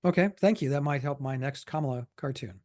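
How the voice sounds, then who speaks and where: A middle-aged man co-hosting a political podcast, wry and quick to correct and tease. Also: medium pitch, a little mellow. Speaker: podcast co-host, political cartoonist. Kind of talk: casual political chat.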